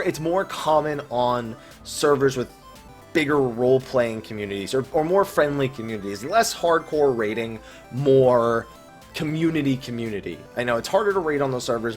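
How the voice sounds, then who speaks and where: A man hosting a casual viewer Q&A about online games, blunt and swearing freely. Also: medium pitch. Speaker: YouTube host answering viewer questions.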